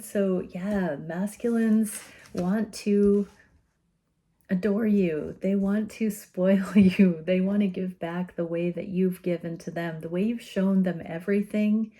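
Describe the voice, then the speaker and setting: Slow, mellow-voiced woman reading tarot. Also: mid-range voice. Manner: slow, gentle and soothing, often laughing softly; earnest and openly emotional. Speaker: tarot reader.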